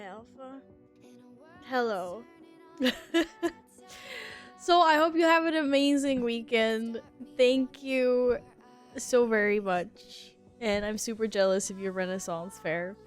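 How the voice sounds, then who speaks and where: A woman streams into a headset mic and chats casually with her viewers in a slightly high voice. She talks at a slow, unhurried pace, giggling often and swearing now and then. Faint music plays behind her.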